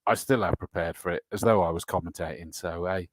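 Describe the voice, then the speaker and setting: A man's voice: sits low, fairly quick, dry recording. Chatty male livestream host. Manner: chatty and matey, frequent fillers and laughs. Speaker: host of a motorsport livestream show. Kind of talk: casual live-stream chat reading viewer comments.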